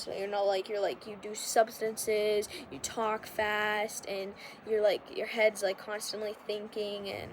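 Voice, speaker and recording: Young woman, podcast host, casual confessional talk, rambling with fillers, slightly high voice. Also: a little hiss or hum. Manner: rambling, many "like" fillers, restarts.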